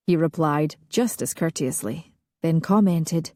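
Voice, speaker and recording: A woman narrates a historical romance in a slow, hushed, sensual reading. Her voice sits low, husky and mellow. It is recorded dry and close with no room sound. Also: fairly even intonation, no room sound. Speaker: audiobook narrator.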